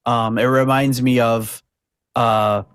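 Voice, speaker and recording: A man's voice: medium pitch, little pitch movement, slow, clean tone, no room sound, clean studio sound. A man co-hosting a podcast, chatting loosely about song lyrics with many fillers and restarts. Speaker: podcast co-host.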